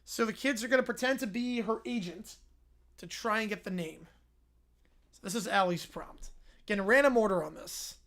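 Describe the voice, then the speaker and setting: A man's voice: sits high, a bit bright. A man hosting a livestream, making joking asides between reading sketches. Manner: joking, laughs often, quick asides. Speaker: livestream host. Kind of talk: casual livestream commentary.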